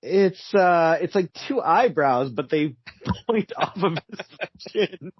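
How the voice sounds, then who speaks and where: A man with a slightly husky, somewhat high voice recaps a comic on a podcast, amused and laughing as he talks. The audio is muffled and dry. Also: lively intonation, takes it slowly, no echo. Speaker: podcast co-host. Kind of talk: casual chat recapping a comic.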